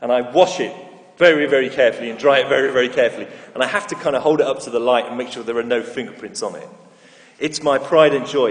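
A middle-aged man preaching a sermon, telling stories and stressing key phrases with slow repetition. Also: medium pitch, expressive. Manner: storytelling, emphatic with slow repeated phrases. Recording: echoey hall reverb.

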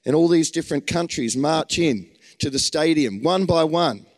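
A man's voice: fairly high pitch, moderate pace, big-room sound. An Australian man preaching a sermon, calling out to a gathered congregation with enthusiasm. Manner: enthusiastic, calls out to the crowd.

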